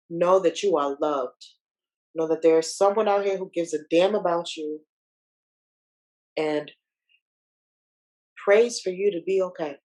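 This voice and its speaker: Warm-spoken young woman encouraging. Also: fairly low pitch. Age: young adult. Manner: playful then softly tender and encouraging. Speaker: podcast guest. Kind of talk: casual podcast story time.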